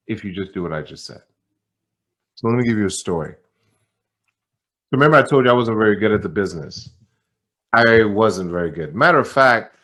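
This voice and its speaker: A man giving a motivational talk at a company training event, telling a story and acting out both sides of a conversation with repeated phrases. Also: on the low side. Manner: animated storyteller, repeats phrases, acts out dialogue. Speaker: company executive speaker.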